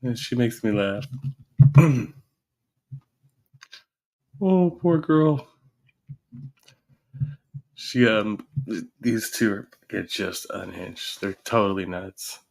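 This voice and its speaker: A man's voice: lowish voice, fairly even intonation, slow pace, creaky. A man hosting a live-stream podcast, making dry, amused, mocking remarks. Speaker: podcast host. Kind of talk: casual live-stream commentary.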